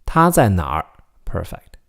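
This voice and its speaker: A man teaching a recorded beginner language lesson, explaining patiently and slowing down to model each word. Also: low voice, sing-song, creaky, fairly bright tone. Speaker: Mandarin teacher.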